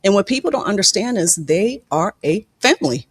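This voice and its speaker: A film director and producer telling personal stories in a candid, profane way in an interview, acting out quoted people with sudden jumps in pitch. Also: very animated, brisk, husky, no room sound.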